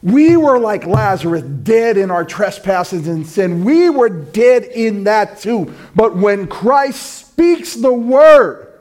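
A man preaching a sermon, swinging between loud proclamation and hushed, intimate asides. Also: high voice, very animated, takes it slowly, few pauses. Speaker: pastor.

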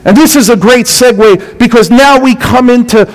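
A man's voice: extremely high pitch, moderate pace, rough recording. A middle-aged male pastor preaching a sermon, building intensity with rhetorical questions and emphatic repetition.

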